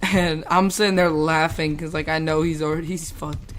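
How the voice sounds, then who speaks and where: A woman's voice: deep voice, fairly even intonation, moderate pace, slight background noise. A woman casually telling a rambling story while playing a game, swearing, laughing and acting out the people in it. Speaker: gamer telling a school story.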